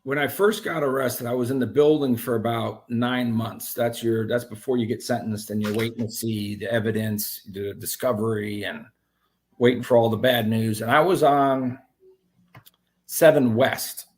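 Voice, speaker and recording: A man telling his own story as an interview guest, animated and profane, with many restarts. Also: medium pitch, normal speed.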